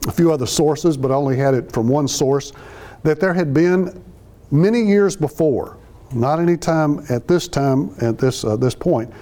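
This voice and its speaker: Mellow-voiced man teaching scripture. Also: fairly high pitch, normal speed. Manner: conversational, explains each phrase, acts out quotes. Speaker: Bible teacher. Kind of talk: verse-by-verse sermon.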